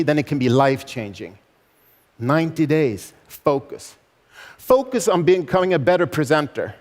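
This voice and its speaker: A man's voice: fairly high pitch, a little mellow. A man in his forties giving a motivational stage speech, emphatic and repeating key phrases with rhetorical questions. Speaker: motivational speaker. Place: large event hall. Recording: long hall reverb.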